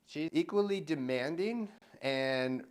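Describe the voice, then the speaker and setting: A man's voice: fairly high pitch, animated, slow, smooth. A man co-hosting a casual podcast, talking eagerly and going off on long tangents. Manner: enthusiastic, rambling, tangent-prone. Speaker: podcast co-host.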